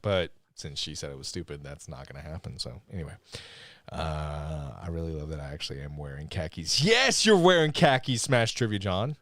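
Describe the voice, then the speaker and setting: Un hombre bromista de voz muy expresiva. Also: male voice, rumbling low, normal speed, dry recording, studio quality. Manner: joking, animated, swears casually. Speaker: podcast co-host. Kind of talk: casual live-stream chat.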